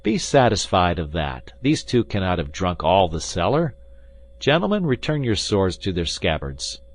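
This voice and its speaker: Casting: man playing a brash, commanding young swordsman, lively and loud. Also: low voice, normal speed, full character voice. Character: bold young male swordsman, quick-witted, commanding.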